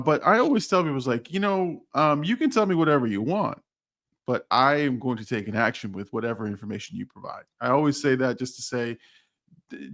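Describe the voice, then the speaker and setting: A man in casual podcast chat with a middle-pitched voice. He tells workplace stories with energy, slips into acted-out quotes and trips over his restarts. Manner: animated storytelling with quoted dialogue; frequent restarts and fillers. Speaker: podcast co-host, HR professional.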